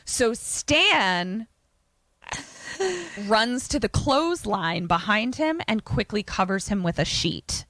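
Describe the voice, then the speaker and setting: A woman's voice: mid-range voice, big pitch swings, a little slow, hardly any pauses, a bit bright, dry recording. Young woman podcast host retelling a horror movie, chatty, swears a lot, dry close mic. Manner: chatty and profane, with many fillers. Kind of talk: casual film recap.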